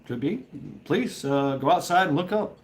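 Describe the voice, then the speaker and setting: A man's voice: a little high, expressive, normal speed, a little hiss or hum. Rambling, foul-mouthed male streamer. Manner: rambling, profane, laughs often, talks to chat. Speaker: livestreamer chatting with viewers. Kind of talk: casual storytelling.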